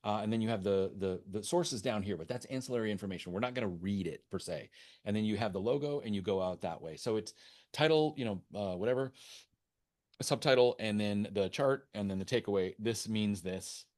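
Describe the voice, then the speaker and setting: A man's voice: on the low side, brisk, darkish tone. A man answering questions as a webinar guest speaker, talking off the cuff with many restarts and fillers.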